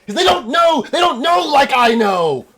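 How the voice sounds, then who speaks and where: A man voicing a frantic, ranting male elf prophet in tattered robes who shouts in a shrill voice. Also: very animated, normal speed, full character voice. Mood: manic ranting.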